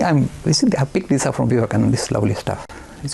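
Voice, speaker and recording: A man's voice: mid-range voice, expressive, rapid-fire, gravelly, mellow, breathy edge. A man giving an emphatic, provocative lecture on religion, full of anecdotes and self-aware jabs.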